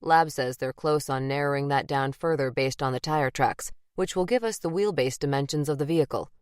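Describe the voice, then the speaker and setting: A man's voice: on the high side, brisk, clean tone, no room sound, studio quality, close to an everyday voice. A woman reading the part of a blunt, teasing older male FBI agent in an audiobook. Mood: gruff.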